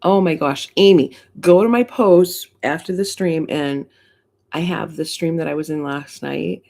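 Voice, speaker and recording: A woman's voice: deep voice, measured pace, gravelly, darkish tone. A middle-aged woman with a Boston accent, hosting a live stream in casual chat, greeting viewers and laughing often.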